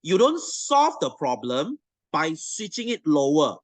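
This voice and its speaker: A man's voice: a little high, huge pitch swings, unhurried, dry recording. A young adult man with a Malaysian English accent, teaching a science class in a blunt, swearing, teasing rant to his students. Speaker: science tutor.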